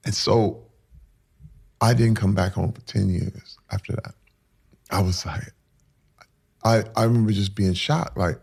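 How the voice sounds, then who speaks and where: A man in his forties telling a painful personal story in rough, casual speech that builds to loud intensity. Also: on the low side, fairly even intonation, measured pace, long pauses.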